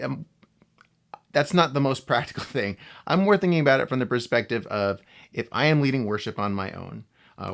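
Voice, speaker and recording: A man teaching a casual guitar lesson, speaking in a relaxed way and often checking in with the viewer. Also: medium pitch, creaky. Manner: relaxed, talks to the viewer with frequent "right?" and "okay?". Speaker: guitar instructor.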